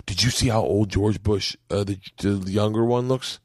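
A man's voice: on the low side, fairly even intonation, moderate pace, darkish tone, no room sound. An American man hosting a podcast from his home studio, chatting casually, joking and swearing often. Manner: profane, joking, rambling. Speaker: podcast host. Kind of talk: casual chat.

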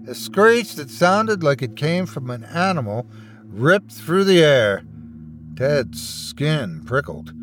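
A man narrating a horror tale with dramatic, suspenseful delivery, his pitch rising and falling in a very lively way. Faint music plays softly beneath his scripted storytelling. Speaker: horror podcast host and narrator.

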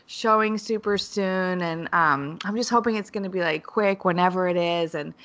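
A woman's voice: fairly low pitch, moderate pace, a bit bright. A pregnant woman telling a self-deprecating story among friends, rambling with lots of fillers.

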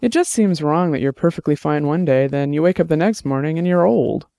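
An earnest young woman with a soft, raised voice, as a man reads her, caring and serious. The sound is smooth, close and dry, an audiobook character lifted above his plain narration. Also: fairly high pitch, expressive, a little fast, no room sound. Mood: sad.

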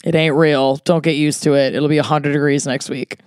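A woman's voice: low voice, level tone, a little fast, darkish tone, smooth. A woman with a Minnesotan accent, co-hosting a podcast with dry, wry jokes. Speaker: podcast co-host. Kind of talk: casual chat.

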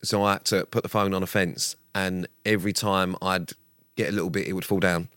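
Teasing man with a low voice. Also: flat delivery, a little fast, fairly bright tone, dry recording, studio quality. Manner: teasing, swearing, mock-serious. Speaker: podcast co-host. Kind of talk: casual chat.

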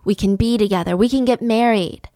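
A woman's voice: fairly high pitch, a little fast, warm tone, dry recording, natural voice. A woman quoting a pushy, manipulative grown man in a coaxing tone, close to her own voice.

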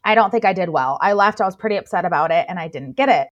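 Excitable young woman telling her story. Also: lowish voice, quick pace, lo-fi sound. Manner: gushing, filler-heavy, excitable. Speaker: guest, plus-size model. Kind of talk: casual storytelling interview.

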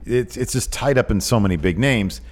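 A man co-hosting a casual chat podcast, eagerly pitching ideas in an animated way. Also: fairly quick. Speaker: podcast co-host.

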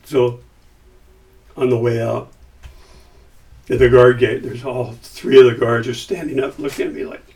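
A middle-aged company founder recounts a business story in a creaky, mid-range voice, talking a little slowly with long pauses. He's casual but animated, voicing the quoted dialogue himself, and he's somewhat far from the mic.

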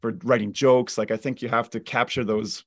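A man in his thirties chats loosely about life as a drummer, circling his point with fillers and false starts. His voice is mid-pitched and sits close and dry, with no room around it. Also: flat delivery, normal speed, no room sound. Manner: rambling, many "like" fillers and restarts. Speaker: guest drummer. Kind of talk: casual chat.

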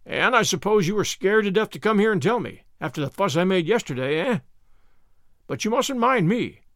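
Guy doing a gruff old farmer who just says what he thinks, brisk and plain, dry sound. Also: sits high, lively intonation, fairly bright tone, dry recording. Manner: blunt, brisk, outspoken. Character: gruff outspoken older farmer, hasty but kindly.

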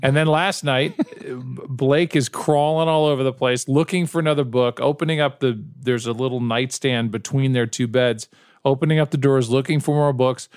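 A man co-hosting a podcast tells stories in a wry, offhand way, his voice sitting at an ordinary middle pitch. The sound is dry and close, with no room echo at all. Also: steady tone, normal speed, darkish tone, clear, resonant tone. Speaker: podcast co-host. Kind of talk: casual chat.

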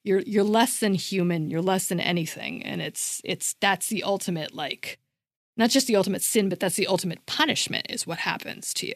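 A woman co-hosting a podcast, talking in a casual, emphatic way and circling back on her points with plenty of "like." Her voice sits at a middle pitch. The sound is dry and close, with no room echo. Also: moderate pace. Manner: emphatic, repeats herself, frequent "like". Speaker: podcast co-host.

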